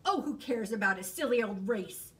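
A woman voicing a quick, sharp-tongued storybook hare who hollers in exasperation. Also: on the high side, animated, far from the mic. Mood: incredulous.

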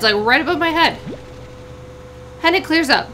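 A woman hosting a let's play, chatting through the game and breaking into excited squeals and exclamations. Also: sits high, normal speed, slight background noise, poor audio. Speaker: gaming channel host.

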